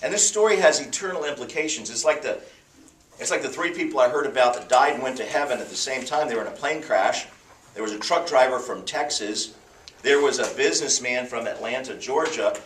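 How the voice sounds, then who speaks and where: Man preaching in a roomy hall. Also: brisk. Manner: animated storytelling, dramatic pitch swings. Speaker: pastor. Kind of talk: sermon. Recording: echoey hall from far off.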